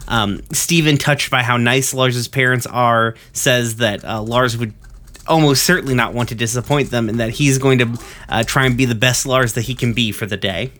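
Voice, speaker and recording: A man's voice: moderate pace, a bit bright. A man on a podcast casually recapping an episode, rambling with lots of ums and uhs and throwing in curse words. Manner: loose, rambling, lots of ums and uhs, acts out quotes in higher voices.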